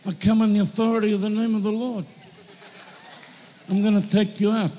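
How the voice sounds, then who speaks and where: A man voicing a cocky young shepherd who taunts a giant in a brash, fast, mocking way, in a hall with a long echo. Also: high voice, flat delivery, dark tone, slight background noise, close to an everyday voice. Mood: taunting. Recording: echoey hall reverb.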